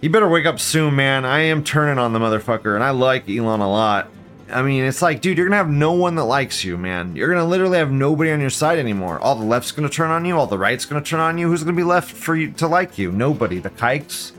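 A man hosting a live stream, ranting fast and profanely while mocking what he reads. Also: mid-range voice, animated, fairly bright tone, faint music behind. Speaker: streamer host. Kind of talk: casual live-stream rant.

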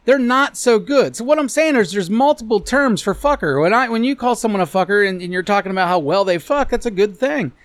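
A man's voice: sits high, expressive, brisk, few pauses, no room sound. A man co-hosting a podcast, bantering crudely with mock-indignant, profane rants. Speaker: podcast co-host.

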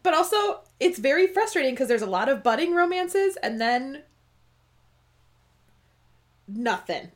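A woman's voice: high-pitched, sing-song, unhurried, pauses often. A woman co-hosting a casual book discussion, giggly and enthusiastic as she goes through her notes. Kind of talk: casual chat.

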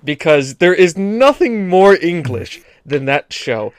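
A man's voice: fairly high pitch, sing-song, unhurried, hardly any pauses, dry recording, clean studio sound. A man from America co-hosting a podcast, chatting casually and joking, stumbling over his words at times. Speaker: podcast co-host. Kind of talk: casual chat.

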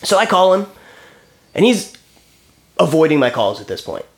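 A man's voice: fairly high pitch, big pitch swings, normal speed, gravelly. A man in his thirties telling a story in casual chat, acting out phone calls and swearing freely. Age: 30s.

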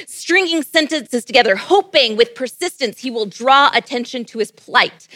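Woman pastor, playful conversational sermon delivery, bright tone, dry close sound. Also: sits high, no echo. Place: church.

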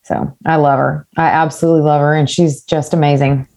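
A woman with a slightly low voice, chatting as a singer-songwriter guest. She tells her story in a candid, rambling way and swears without a second thought. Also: level tone, fairly quick, a little mellow. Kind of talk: casual interview chat.

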